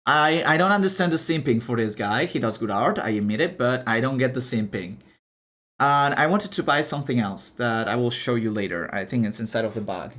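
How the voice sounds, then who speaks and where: A young man chatting casually on a live stream, animated and chatty, swearing and laughing as he shows off items. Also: mid-range voice, a little fast.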